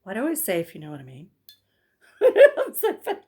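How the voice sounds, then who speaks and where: A woman's voice: on the low side, big pitch swings, fast, darkish tone, husky. Chatty rambling woman vlogger. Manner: rambling, chatty, laughs often. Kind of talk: casual chat to camera.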